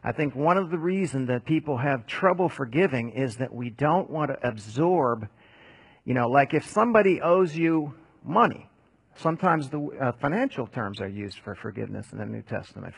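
A man preaching a conversational sermon, telling a Bible story in a casual, animated way. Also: mid-range voice, moderate pace, vocal fry, breathy edge, no room sound.

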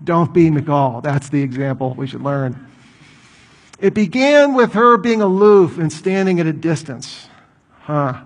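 Man, middle-aged, pastor, sermon, conversational, rhetorical questions, fairly high voice. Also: lively intonation, unhurried.

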